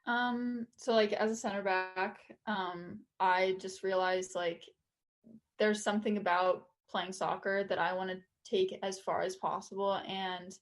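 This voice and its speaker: A woman's voice: mid-range voice, level tone, a little slow. A young woman, a college soccer captain, talking earnestly and casually as a podcast guest, with lots of filler words. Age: young adult. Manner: earnest, chatty, many "like" fillers.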